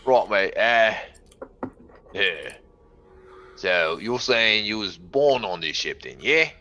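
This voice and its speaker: A man's voice: lowish voice, lively intonation, slow, sharp tone, lo-fi sound, full character voice. A man voicing a brash human gunman who swears and asks blunt, cheeky questions. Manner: crude slang and swearing, keeps asking blunt questions.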